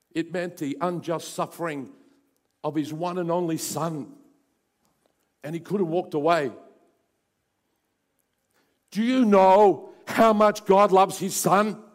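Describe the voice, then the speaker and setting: A male pastor preaching a sermon, building to loud emphatic runs and then dropping to hushed, intense passages. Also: mid-range voice. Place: church sanctuary. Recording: church hall reverb.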